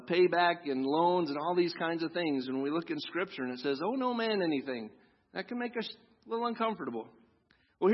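Man, pastor, sermon in church, high-pitched, breathy, conversational, slow scripture reading, dull recording. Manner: conversational, asks the congregation with tag questions; reads scripture slowly and deliberately. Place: church sanctuary.

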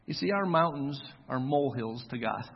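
A man's voice: medium pitch, lively intonation, moderate pace, husky. A man in his forties preaching a sermon in a casual, conversational way, acting out the quoted voices as he tells the story. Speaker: pastor. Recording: echoey hall, dull lo-fi sound.

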